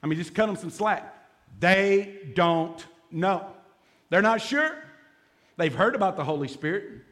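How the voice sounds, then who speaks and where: A man preaching a sermon in a church, speaking in a notably high voice. He keeps the tone loose and conversational, dropping playful jokes between his points. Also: big pitch swings, a little fast, a bit bright. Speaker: pastor.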